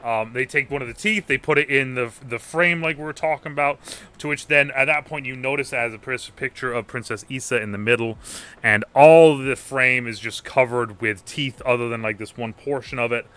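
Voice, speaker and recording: Casting: bright-toned male podcast host, chatty recapper, filler-heavy delivery. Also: medium pitch, a little fast. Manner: rambling recaps with acted-out quotes and many ums. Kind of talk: casual movie review chat.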